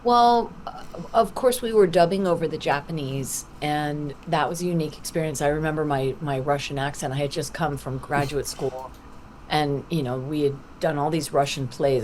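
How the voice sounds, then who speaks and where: A middle-aged woman with a notably low, dusky voice, talking over a video call as a podcast guest. She tells her stories with real relish and slips into acted-out quotes along the way. A faint hiss of noise sits under the call. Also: brisk. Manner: lively anecdotal storytelling with acted-out quotes. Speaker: voice actor guest. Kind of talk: podcast interview.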